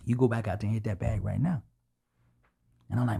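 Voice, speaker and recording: A man, a guest in a podcast interview, telling a personal story with animated energy and acting out the dialogue as he goes. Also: fairly high pitch, brisk, gravelly, husky.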